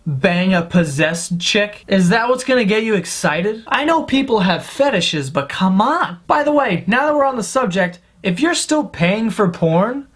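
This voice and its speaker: A man's voice: high voice, lively intonation, a little slow, few pauses, a bit bright. A male comedian delivers a profane, exasperated rant in the style of a stand-up monologue. He argues his points with scornful disbelief and lots of swearing.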